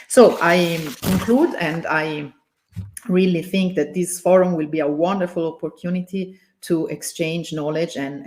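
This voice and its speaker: Halting woman giving a welcome speech. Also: deep voice, a little mellow, slight background noise. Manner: halting, many fillers and restarts. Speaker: president of the organization, opening host. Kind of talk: hesitant welcome speech with thanks.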